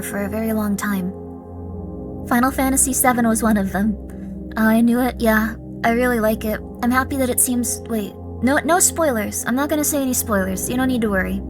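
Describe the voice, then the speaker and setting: Brief: bubbly high-pitched woman streamer chatting to viewers, faint music under her. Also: brisk. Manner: rambling, excitable, laughs at herself. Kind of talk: casual stream chat.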